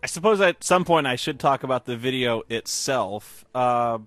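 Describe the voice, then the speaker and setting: A man's voice: mid-range voice, animated, moderate pace, a bit bright, no room sound. A man giving a casual commentary track on his own video, rambling and chatty and laughing in the middle of sentences. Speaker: video creator recording commentary.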